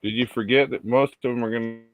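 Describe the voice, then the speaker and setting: A man's voice: mid-range voice, fairly even intonation, fast talker. A man helping run a live stream, chatting in an easygoing, offhand way. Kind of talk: casual chat.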